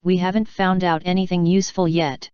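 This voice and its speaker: A woman's voice: lowish voice, little pitch movement, a little fast, smooth, no echo, natural voice. A woman voicing a hot-tempered young female navigator in an urgent manner. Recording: dry, slightly dull recording.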